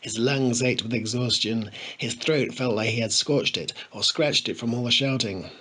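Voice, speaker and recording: A man narrating a comic story in a playful, expressive way. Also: medium pitch, normal speed, husky. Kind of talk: storybook reading.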